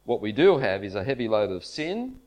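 A man's voice: lowish voice, big pitch swings, darkish tone. Earnest man preaching a sermon. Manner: earnest, measured, stresses scripture quotes. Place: church camp meeting hall.

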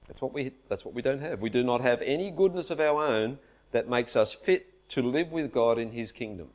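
A man preaching a sermon at a church camp, earnest and measured, leaning into his scripture quotes. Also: mid-range voice, a little mellow, muffled recording. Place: church camp meeting hall.

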